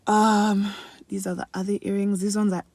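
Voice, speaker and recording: A young woman chatting casually to camera in a favourites vlog, animated and laughing often, switching between English and another language mid-sentence. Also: mid-range voice, normal speed, gravelly, no room sound. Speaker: beauty and lifestyle vlogger. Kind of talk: casual chat.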